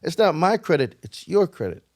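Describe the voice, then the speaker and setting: A man's voice: on the high side, big pitch swings, brisk. A man with a Jamaican accent, a guest on a casual podcast, explaining credit repair in an emphatic, lecturing way and swearing freely.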